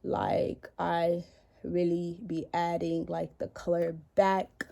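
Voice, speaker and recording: A young beauty vlogger with a low, creaky, dark voice speaks slowly in a completely flat tone. Filming herself at home on a camera in front of her, she tells a rambling, profane story in a casual makeup vlog, chatty and full of "like."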